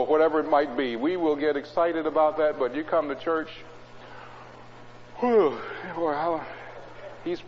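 Male preacher, fairly high voice, sermon in a church, loud readings and quiet asides, dull echoey recording. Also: slight background noise. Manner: swings between loud scripture reading and low conversational asides. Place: church hall.

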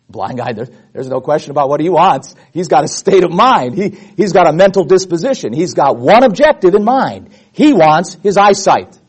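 A man's voice: fairly high pitch, moderate pace, breathy edge. A man preaching a Bible teaching sermon to his congregation, acting out the voices of people in the stories. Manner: animated, acts out voices in the stories.

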